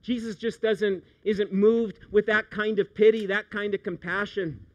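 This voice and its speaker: High-voiced pastor preaching. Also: male voice, unhurried. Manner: animated, swings from hushed storytelling to loud outbursts. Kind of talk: sermon.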